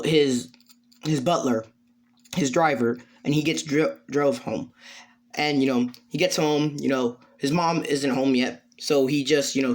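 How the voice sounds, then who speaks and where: A man improvising a fan story aloud, rambling and filling gaps with many fillers. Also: medium pitch.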